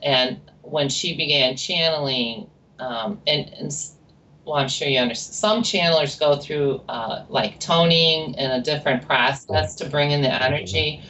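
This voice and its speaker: A woman's voice: low voice, moderate pace, fairly bright tone. A woman guest telling her story in a chatty, rambling interview with many asides. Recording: distant mic with faint noise.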